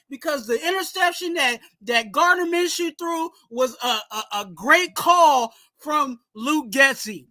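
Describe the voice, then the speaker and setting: A man hosting a fan sports show, ranting heatedly and often shouting, with lots of "you know what I'm saying". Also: very high voice, dry recording. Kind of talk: casual sports talk, ranting segment.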